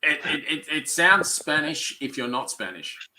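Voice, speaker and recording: A man's voice: a little high, big pitch swings, a little slow, pushed and bright, poor audio. A man co-hosting a podcast in casual, rambling chat full of fillers. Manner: rambling, chatty, many fillers. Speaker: podcast co-host.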